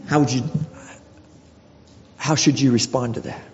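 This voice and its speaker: A man's voice: on the high side, steady tone, normal speed, long pauses, darkish tone, a little hiss or hum. Man preaching in an echoing hall. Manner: expository preaching, reading verses and voicing God's words with rising intensity. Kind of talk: sermon. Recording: dull recording with long hall reverb.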